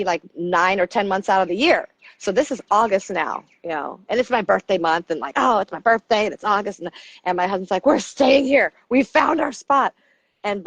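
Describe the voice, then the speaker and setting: A middle-aged American woman chats as an interview guest, spinning animated stories and slipping into the voices of the people in them. Her pitch sits mid-range, and the sound is dry and close, with little room echo. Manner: animated storyteller, acts out quotes. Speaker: podcast guest, coach. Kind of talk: casual storytelling interview.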